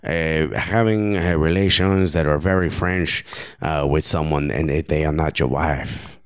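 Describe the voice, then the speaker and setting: A man putting on a smug, hammy fake French accent and a deeper voice to play a male footballer who is blackmailing someone. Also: a little slow, smooth, no room sound.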